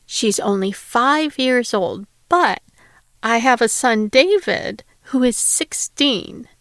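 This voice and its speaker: A woman's voice: on the high side, lively intonation, slow pace, no room sound, clean studio sound, full character voice. A woman reading as a welcoming widowed father. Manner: warm, welcoming, hospitable. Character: kindly middle-aged male homeowner, a widower.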